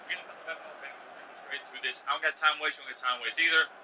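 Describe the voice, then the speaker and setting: Guy ranting about college football, kinda high voice, fires off rhetorical questions. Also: steady tone, racing, highs cut off, background noise. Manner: emphatic, rhetorical questions, Southern slang. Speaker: sports commentator. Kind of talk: opinionated college football rant.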